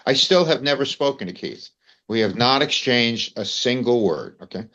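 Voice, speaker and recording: A man's voice: mid-range voice, lively intonation, moderate pace, fairly bright tone, highs cut off. An older man with a New York accent, telling rambling anecdotes as an interview guest, peppered with "you know" and "man". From United States. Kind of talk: storytelling in casual conversation.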